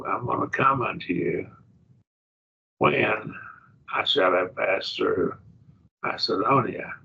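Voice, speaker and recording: Gravelly-voiced man teaching a Bible class. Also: fairly low pitch, fairly bright tone. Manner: explains Greek word by word, slow and thinking aloud. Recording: dull lo-fi classroom recording with faint noise.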